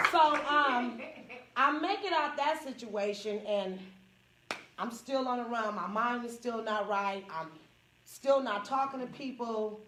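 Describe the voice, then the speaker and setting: A woman's voice: on the high side, slow pace, pauses often, pushed and bright, slight background noise. A woman comedian with a Northern California accent, frankly telling a personal story to a small group, laughing often and acting out what people said. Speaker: comedian and support group speaker. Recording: echoey room, distant from the mic.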